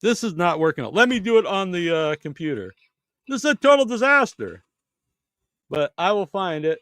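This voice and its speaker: A podcast host from Massachusetts chats casually, thinking aloud while he searches online. His high-pitched voice has big pitch swings, a moderate pace, and a fairly bright tone, recorded as clean studio sound with no room sound.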